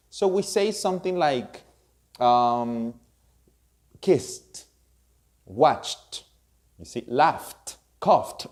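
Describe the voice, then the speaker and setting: A man teaching English pronunciation in a slow, explanatory way, repeating example words with emphasis. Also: medium pitch, darkish tone. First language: Spanish. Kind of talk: spoken lesson to camera.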